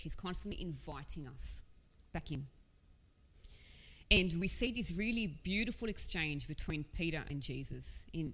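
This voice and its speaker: A woman with a low voice delivers a sermon, earnest and conversational, dropping casual asides as she goes. Her words ring out with a long reverb, as if spoken in a large hall. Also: fairly bright tone. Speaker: preacher.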